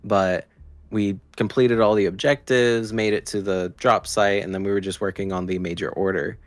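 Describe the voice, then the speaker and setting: A man's voice: fairly low pitch, fairly even intonation, moderate pace, dry recording. A man co-hosting a casual podcast, easygoing and given to giggles. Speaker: podcast co-host.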